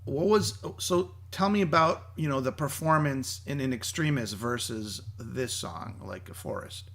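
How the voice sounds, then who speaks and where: A man's voice: mid-range voice, measured pace, creaky, fairly bright tone. Chatty interviewer guy, eager, keeps saying yeah yeah. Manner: chatty, eager, lots of affirmations. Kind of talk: casual interview questions.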